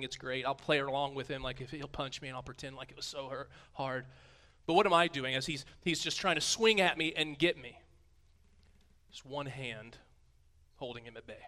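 Bright-voiced man preaching, hushed to booming. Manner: conversational and playful. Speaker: pastor. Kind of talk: sermon.

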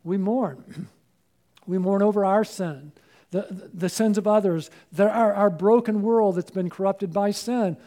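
High-voiced preacher man, mellow tone. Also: measured pace. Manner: emphatic, rising sharply when quoting and urging; asks the congregation call-and-response questions. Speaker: pastor. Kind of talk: sermon.

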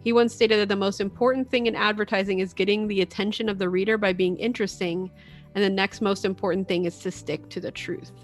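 A woman's voice: medium pitch, steady tone, faint music behind. A young adult woman co-hosting a podcast, reading out facts in casual chat. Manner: reads facts, then chimes in with quick reactions. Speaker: podcast co-host.

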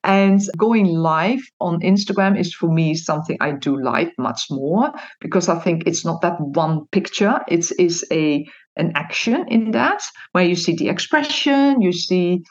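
Casting: woman guest, somewhat low voice, chatty and animated, dull lo-fi call audio. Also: a little slow. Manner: chatty and animated, laughs often, restarts words. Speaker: podcast guest. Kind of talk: interview conversation.

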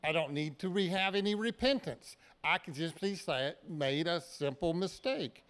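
A man's voice: on the high side, moderate pace, a bit bright, clean tone. A man preaching a sermon in a church, talking to the congregation in a plain, conversational way with everyday examples. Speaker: pastor.

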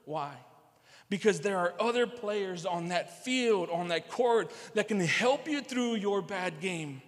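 A man's voice: high-pitched, animated, takes it slowly. A male pastor preaching a sermon to his congregation, repeating key phrases for emphasis and speaking to them directly. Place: large church sanctuary. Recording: long hall reverb.

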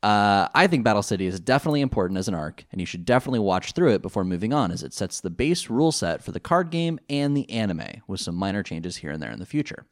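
Male podcast co-host, lower voice, loose rambling chat full of fillers. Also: big pitch swings, quick pace, few pauses. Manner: rambling, many fillers and restarts, laughs easily. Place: home.

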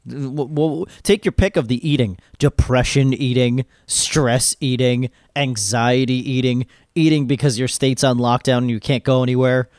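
Man, twenties, podcast co-host, animated jokey chat, mid pitch, dry sound. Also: dry recording. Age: 20s. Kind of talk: casual chat.

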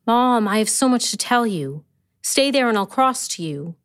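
A woman's voice: fairly high pitch, expressive, normal speed, no echo, voice pushed up, lightly acted. Anxious devoted young mother, pleading, slightly raised voice, dry, as a woman reads her. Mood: longing.

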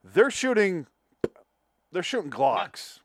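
A man's voice: sits high, wildly swooping pitch, takes it slowly, no room sound, studio quality. A man hosting a podcast, chatting casually about movies with rambling, profane, jokey talk. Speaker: podcast host. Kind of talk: casual movie review chat.

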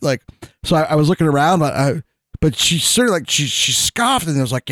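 A man's voice: a little high, animated, brisk, a bit bright, no echo. Rambling man in a dry close sound. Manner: rambling, hesitant, restarts often. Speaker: podcast co-host. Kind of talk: casual chat.

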